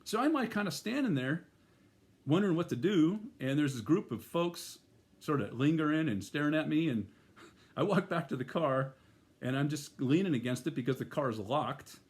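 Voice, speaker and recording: A man's voice: fairly high pitch, lively intonation, moderate pace. A middle-aged man telling a personal story in a casual, rambling way, full of fillers and restarts.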